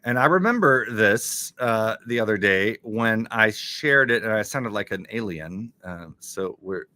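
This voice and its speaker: Animated man hosting a live stream. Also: on the low side, a little slow. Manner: excitable, thanks viewers, frequent laughter. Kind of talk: casual live-stream chat with viewers.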